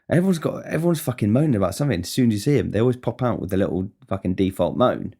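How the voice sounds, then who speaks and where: A man's voice: on the low side, very animated, fast talker, mellow. A man talking casually on his podcast in a rambling monologue, swearing constantly and wryly. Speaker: podcast host.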